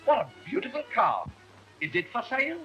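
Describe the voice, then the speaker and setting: A man's voice: very high voice, wildly swooping pitch, brisk, bright, forceful tone, soft background music, full character voice. A man playing a fussy, genteel upper-class lord in a 1930s film comedy, prone to fluttery exclamations.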